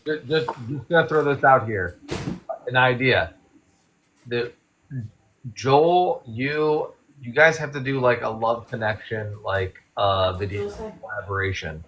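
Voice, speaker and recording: A man hosting a podcast, chiming in with quick reactions and playful suggestions in casual chat. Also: medium pitch, a bit bright, slight background noise, rough recording. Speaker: podcast host.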